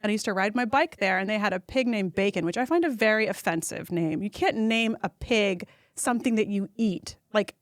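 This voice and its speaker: A woman, a podcast guest telling funny stories and acting out quotes in a high voice. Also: brisk, no room sound, clean studio sound. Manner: animated storyteller who acts out quotes in a high voice. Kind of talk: casual storytelling chat.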